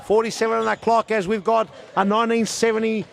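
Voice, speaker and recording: A man in his thirties with a Melbourne Australian accent, doing jokey live futsal commentary that jumps to shouts at big chances. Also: high voice, level tone, fast talker, creaky, slight background noise. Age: 30s. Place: indoor futsal stadium.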